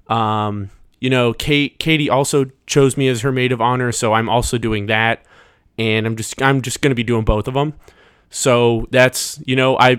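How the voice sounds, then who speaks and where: A man's voice: mid-range voice, a bit bright, clean tone, dry recording, clean studio sound. Rambling, jokey male podcast host. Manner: rambling and jokey, with many restarts. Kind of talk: solo podcast chat. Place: bedroom. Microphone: close podcast microphone.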